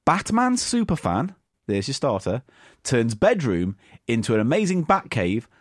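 A man's voice: mid-range voice, wildly swooping pitch, unhurried, no room sound, studio quality. A man co-hosting a comedy podcast, joking, teasing and swearing as he chats. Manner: jokey, crude and swearing, teasing. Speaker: podcast co-host. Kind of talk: casual comedy chat.

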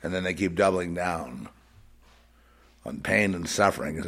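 Slow gravelly man, blunt. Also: deep voice, lively intonation, a bit bright. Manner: blunt, repetitive, scornful asides. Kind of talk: unscripted spiritual monologue.

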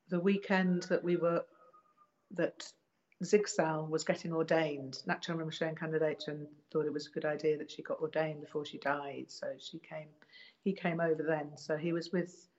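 A woman being interviewed, recalling past events in a hesitant, casual way with many pauses and restarts. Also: fairly low pitch, dull audio.

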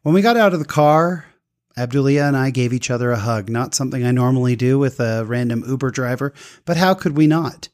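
A man's voice: mid-range voice, fairly quick, darkish tone. A man hosting a talk show, chatting with guests and telling a personal story in an upbeat, earnest way. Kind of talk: casual chat and personal storytelling.

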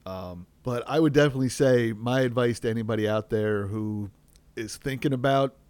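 A man in his thirties talks on his podcast, his voice at an everyday middle pitch. He rambles candidly, full of fillers and restarts, and laughs at himself. The recording is close and dry, with no room sound. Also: moderate pace, darkish tone, no room sound. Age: 30s. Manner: rambling, self-deprecating, with frequent fillers and restarts. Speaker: podcast host. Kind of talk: candid solo podcast talk.

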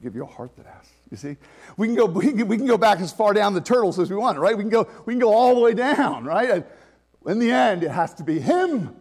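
A man preaching a conversational sermon as pastor, animated and laughing often. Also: high-pitched, a little fast.

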